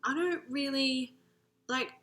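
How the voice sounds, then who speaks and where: A woman's voice: high-pitched, takes it slowly, fairly bright tone, pitched above the performer's own voice. A woman voicing a driven young female rugby player who speaks in eager, breathless exclamations. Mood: lost.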